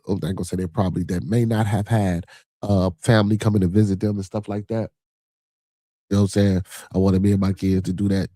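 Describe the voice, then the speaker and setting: A man with a Chicago accent talks in a lowish, mellow voice, hosting a casual podcast. He rambles loosely, swears freely and leans on "you know what I'm saying." The sound is dry and close, with no room around it. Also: no echo. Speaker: podcast host. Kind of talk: casual podcast chat reacting to news and live comments.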